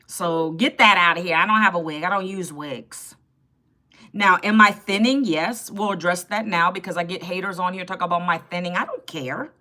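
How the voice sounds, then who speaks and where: Woman in her 50s doing a live stream on her phone, bright voice, chatty and a bit sassy with the chat. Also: lowish voice, normal speed. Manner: chatty and sassy, greets viewers and answers chat. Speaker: livestream host.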